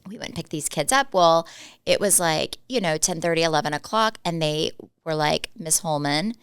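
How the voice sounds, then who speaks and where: Her voice is low-pitched and smooth with no echo, belonging to a fortyish podcast co-host from Dallas, Texas. Chatting casually, she tells stories with quick laughs and lively reenactments of what others said.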